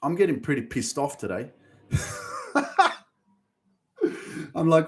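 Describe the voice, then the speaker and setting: A man's voice: fairly high pitch, huge pitch swings, extremely slow. A man in his thirties hosting a motivational podcast, talking passionately and with emphasis, cursing freely and repeating phrases to drive points home. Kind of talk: motivational monologue.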